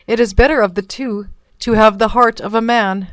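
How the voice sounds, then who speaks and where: A woman's voice: a little high, steady tone, moderate pace, a bit bright, no room sound, natural voice. A woman voicing a kind, truthful young woman who speaks earnestly and firmly. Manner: earnest, firm.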